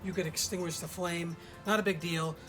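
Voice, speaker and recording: A presenter giving a relaxed outdoor cooking demonstration at a pizza oven, often pausing with "uh" and restarting phrases. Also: medium pitch, low-quality recording. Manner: relaxed, many "uh" fillers and restarts. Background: loud background music.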